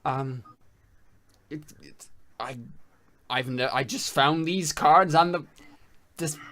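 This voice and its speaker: A flustered male fortune teller stammers out excuses and denials, as a game master puts him on. The voice is bright and swings widely in pitch. It is a tabletop game voice, pitched a little above the man's own. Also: animated, moderate pace.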